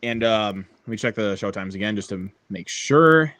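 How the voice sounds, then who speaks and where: Here the young man's voice sits on the low side, animated and a bit bright, at a moderate pace with no room sound. Hosting an easygoing online hangout via a call, he laughs frequently and keeps stumbling and restarting his sentences in casual chat.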